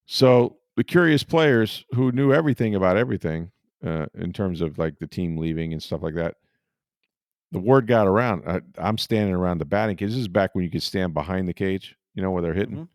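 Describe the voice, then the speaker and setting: A man's voice: sits low, lively intonation, fairly quick, a little mellow, clear, resonant tone, no echo, clean studio sound. A middle-aged man hosting a podcast, telling a rambling, self-deprecating story in a casual chat, often laughing. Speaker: podcast host and sportswriter.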